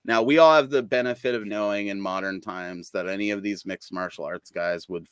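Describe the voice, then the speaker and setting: A man's voice: lowish voice, a little fast, clear, resonant tone, no echo, studio quality. A man hosting a podcast, talking in a laid-back, loose way with lots of fillers. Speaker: podcast host. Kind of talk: casual chat.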